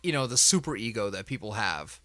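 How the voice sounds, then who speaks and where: A man's voice: lowish voice, big pitch swings, a little fast, bright, forceful tone, dry recording. A man who runs a tabletop game, chatting with his group in an emphatic, reflective way and laughing often. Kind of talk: casual group chat.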